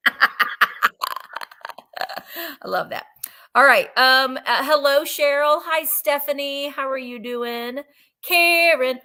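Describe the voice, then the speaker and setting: A woman hosting a live online vintage sale, her voice bright and a little high. She chats in a bubbly, upbeat way and greets her viewers by name as she goes. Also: slow pace, long pauses. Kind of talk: live-stream sales chat.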